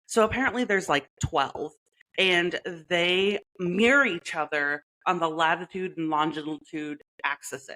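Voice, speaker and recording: A woman's voice: lowish voice, measured pace, sharp tone, poor audio. A woman co-hosting a podcast in casual chat, playful and chatty, laughing often and leaning on "like". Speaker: podcast co-host.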